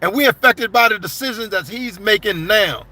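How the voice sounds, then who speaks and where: Reading out comments from viewers, this livestream commentator responds bluntly and conversationally, addressing them as y'all and man. He has a high, animated voice with a sharp tone at a moderate pace.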